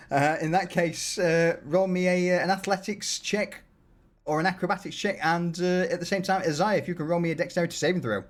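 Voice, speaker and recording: A man running a tabletop game as game master, laughing often and talking in quick asides. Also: high voice.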